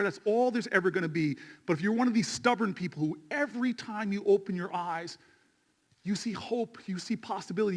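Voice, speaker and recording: Stern wise old woman, as a man quotes her. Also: sits high. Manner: firm, scolding, preacherly. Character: stern wise elderly woman, tenant leader.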